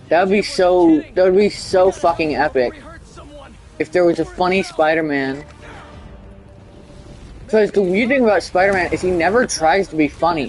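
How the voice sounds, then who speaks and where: A woman giving comedic, rambling gameplay commentary in a put-on British accent. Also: fairly low pitch. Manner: mock British impression, excitable, rambling. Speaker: gaming YouTuber.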